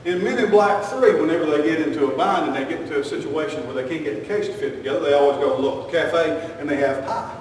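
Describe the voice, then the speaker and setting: High-voiced preacher in echoey hall. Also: male voice, fast talker, few pauses, a little mellow, slight background noise. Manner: joking, folksy, uses Southern sayings. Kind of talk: folksy humorous sermon. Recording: echoey hall, distant mic.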